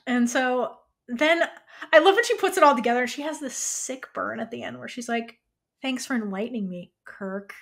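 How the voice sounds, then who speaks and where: A woman co-hosting a podcast, recapping a TV episode in animated storytelling with quick asides and casual swearing. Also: high voice, creaky. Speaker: podcast co-host.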